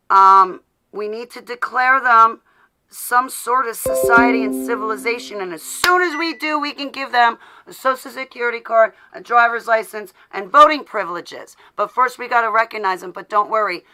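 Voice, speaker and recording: In a fairly high, bright, forceful voice, a woman vlogging live from home rants casually and sarcastically about politics. She wanders from point to point, greeting viewers by name.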